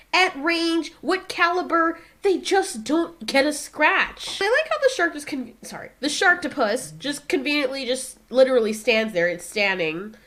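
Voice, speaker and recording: A woman's voice: high-pitched, fairly bright tone. A woman hosting a comedic movie review, talking in a sarcastic, exasperated way. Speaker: movie reviewer and channel host.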